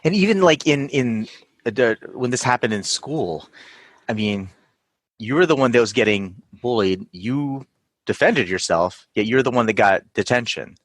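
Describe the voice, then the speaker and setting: A man's voice: mid-range voice, expressive, normal speed, no room sound. A man hosting a podcast and asking thoughtful, probing questions. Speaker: podcast host. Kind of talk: interview questions.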